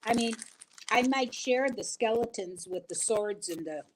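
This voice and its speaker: A woman's voice: on the high side, animated, a little slow, poor audio. An older woman, a regular guest co-host on a casual livestream, talks in a folksy, rambling storytelling way.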